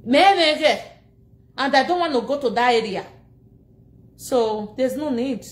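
A high-voiced woman with a Nigerian Pidgin English accent rants to camera in an animated, mocking, scolding way. She switches between languages and laughs between jabs, and the room around her sounds echoey. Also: moderate pace. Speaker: social media personality. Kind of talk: animated casual rant to camera.

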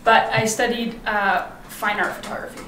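A woman's voice: medium pitch, steady tone, normal speed, a bit bright, a little hiss or hum. Chatty woman, echoey room, distant mic. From grew up mostly in the United States. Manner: chatty, laughing, lots of "like". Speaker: interview guest, filmmaker. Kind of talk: casual interview chat.

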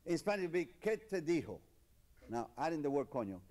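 A man doing stand-up as a mock language lesson, with deadpan teacherly drills and slow, exaggerated pronunciation. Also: fairly high pitch. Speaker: comedian. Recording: noisy live comedy recording.

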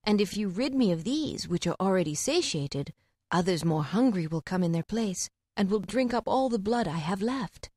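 A woman voicing a weary, sly old male fox in a storybook reading, speaking slowly and low. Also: lively intonation, a little mellow, dry recording, studio quality, natural voice. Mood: patient.

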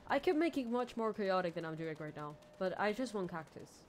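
A woman streaming a video game, rambling and joking to herself, swinging from low mumbles to sudden squeals. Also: expressive, a little fast, faint music behind. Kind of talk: casual let's-play commentary.

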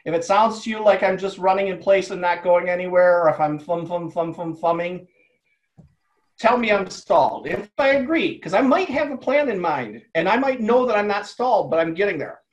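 A man's voice: sits high, expressive, a little fast, hardly any pauses, highs cut off. A man, an author, explaining and dictating a story live to an audience, speaking his punctuation aloud.

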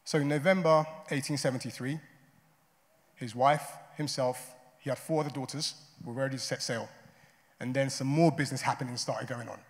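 A man's voice: mid-range voice, fairly even intonation, normal speed. Conversational male pastor in a reverberant hall. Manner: conversational, often adds "right?" and "you know". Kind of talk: sermon.

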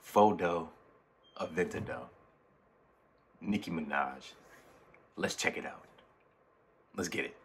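Man, very deep voice, casual music reaction host, excitable, faint background ambience. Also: slow pace, pauses often, a little hiss or hum. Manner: excitable, talks over the track, repeats himself.

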